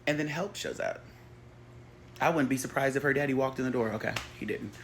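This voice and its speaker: A man hosting a spiritual healing show, talking in a casual, animated, profane and playful way. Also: medium pitch, fairly quick, vocal fry, a little hiss or hum. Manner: animated, profane and playful, acting out quoted voices.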